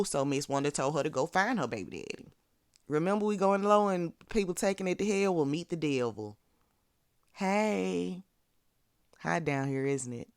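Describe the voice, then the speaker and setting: A speaker from Birmingham, Alabama with a Southern accent, giving sassy, animated casual commentary on a reality show and laughing often. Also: medium pitch, smooth, no echo, clean studio sound.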